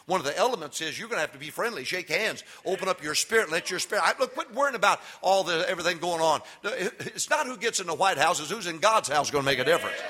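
An older man, a pastor giving a sermon that swings from loud emphatic preaching to folksy storytelling. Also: sits high, animated, fast talker, few pauses, breathy edge. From Texas.

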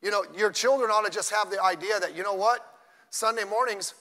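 An older man who is a grandfather, preaching a conversational sermon in church with asides and sudden loud bursts. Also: high-pitched, fast, in a large hall. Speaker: pastor. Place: church sanctuary.

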